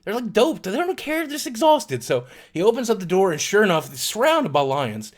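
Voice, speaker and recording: A man telling a long shaggy-dog joke, with an animated, drawn-out buildup and sudden jumps in his voice. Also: high-pitched. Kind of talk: comedic storytelling.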